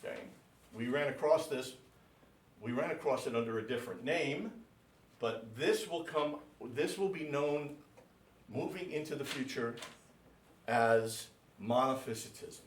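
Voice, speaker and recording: A man lecturing as a priest before a small class, unhurried and measured, pausing to spell out difficult names letter by letter. His voice sits at an ordinary middle pitch and rings out in an echoey room, picked up from some distance away. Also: lively intonation, a little hiss or hum.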